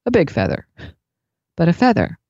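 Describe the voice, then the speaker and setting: A woman tells a personal story in a reflective, unhurried way. Her voice sits low and mellow. The recording is dry and slightly dull. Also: huge pitch swings, dry recording. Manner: reflective, unhurried anecdotal telling. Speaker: speaker sharing spiritual experiences.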